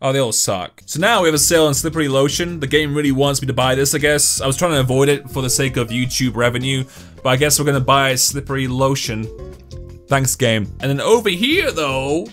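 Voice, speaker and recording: A man's voice: medium pitch, a little fast, a bit bright, soft background music. A man giving casual, jokey commentary while playing a video game, often yelping and laughing. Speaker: gaming YouTuber.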